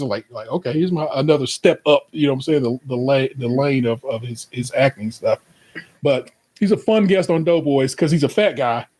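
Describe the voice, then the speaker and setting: A man co-hosting a podcast in loose, profane casual chat, telling stories and putting on voices for quotes. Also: on the high side. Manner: loose, profane, animated storytelling with put-on quotes. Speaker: podcast co-host.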